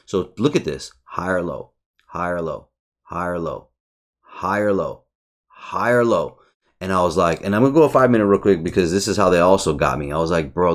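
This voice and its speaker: A young man hosting a trading channel, reviewing his trades in a frustrated, rambling, profane way. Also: low-pitched. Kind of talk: casual market review over charts.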